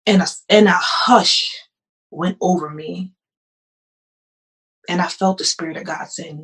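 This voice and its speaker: A woman's voice: fairly low pitch, fairly even intonation, a little slow, vocal fry, pauses often, fairly bright tone, poor audio. Woman pastor telling an emotional story. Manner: earnest, emotional storytelling with repeated phrases. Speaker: pastor, podcast guest. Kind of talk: personal testimony in an interview.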